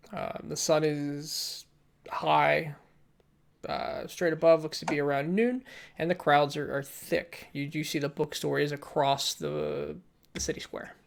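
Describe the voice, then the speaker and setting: A man narrates a tabletop game as its game master, his voice gravelly at the edges. He describes the scene at an easy pace, stopping now and then with an um or uh to find the next words. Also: fairly high pitch. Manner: relaxed, pauses with ums and uhs while describing scenes.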